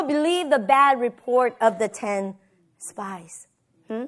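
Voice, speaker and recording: Woman pastor with a high voice, storytelling sermon, conversational. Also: takes it slowly. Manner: personal storytelling, tags lines with "right?".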